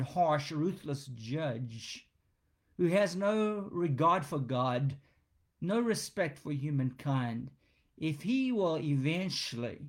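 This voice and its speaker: A man preaching an expository sermon, emphatic and deliberate, repeating phrases for stress. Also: fairly high pitch.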